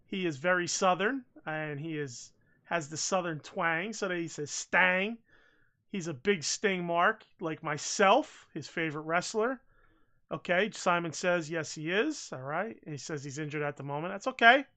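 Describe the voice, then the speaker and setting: A man co-hosting a casual podcast, rambling and excitable, swearing freely and saying bro a lot. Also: fairly high pitch, measured pace. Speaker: podcast co-host. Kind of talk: casual chat.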